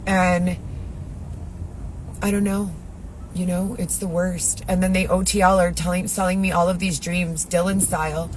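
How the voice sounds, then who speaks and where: A woman's voice: on the low side, level tone, unhurried, long pauses, a little hiss or hum, low-quality recording. A woman talking to camera in her car, rambling in an agitated, profane way as she vents to her viewers. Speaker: vlogger. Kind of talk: venting monologue to camera.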